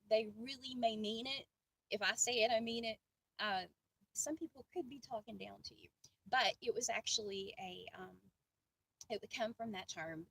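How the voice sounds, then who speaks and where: A faith vlogger from the American South, with a medium-pitched, fairly bright voice, gives a casual, chatty devotional talk packed with asides and self-deprecating jokes. The recording comes from a distant mic with faint ambient noise.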